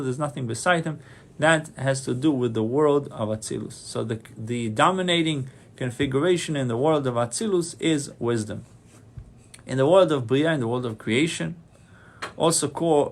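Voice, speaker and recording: A man, a rabbi, giving a Torah lecture, saying Hebrew terms and then translating them, often repeating a phrase to stress it. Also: mid-range voice. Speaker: rabbi teaching a class.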